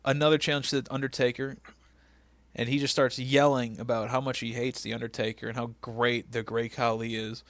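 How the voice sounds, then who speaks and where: A man co-hosting a casual wrestling podcast, recapping matches with animated retellings and shouted impressions. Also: mid-range voice, a little fast, no echo. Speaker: podcast co-host.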